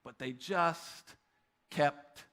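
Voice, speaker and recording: A man's voice: a little high, drawn-out words, a bit bright. A man in his thirties preaching a sermon as a pastor, telling a personal story in an earnest way. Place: church auditorium.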